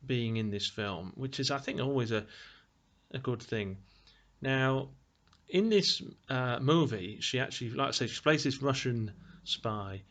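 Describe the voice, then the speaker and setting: Male film reviewer, casual rambling delivery, mid pitch. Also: fairly bright tone, highs cut off. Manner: chatty, meandering, many fillers and restarts.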